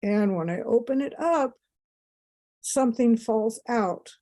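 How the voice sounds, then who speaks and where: Mellow-voiced woman telling a heartfelt story. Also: fairly high pitch, slow. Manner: emotional, rambling with many asides. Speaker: podcast guest. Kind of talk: personal storytelling.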